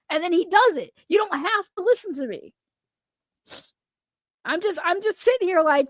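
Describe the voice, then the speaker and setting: A woman streaming casual commentary, rambling and stammering as she repeats her words, with a high, distinctive voice. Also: big pitch swings, normal speed, dry recording, studio quality. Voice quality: high, distinctive voice others find grating. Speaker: streamer reacting to chat.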